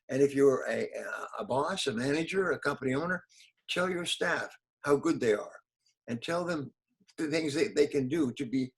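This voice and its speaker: A man's voice: fairly high pitch, poor audio. An older man, a motivational speaker, answering interview questions in an emphatic way, repeating key phrases and acting out quotes.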